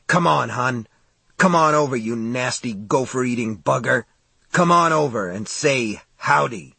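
A man doing a gruff taunting older man. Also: medium pitch, expressive, unhurried, pushed and bright, dry recording, full character voice.

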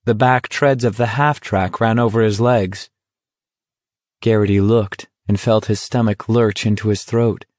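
Audiobook narrator: male, low voice, measured and steady, dry close sound. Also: no room sound.

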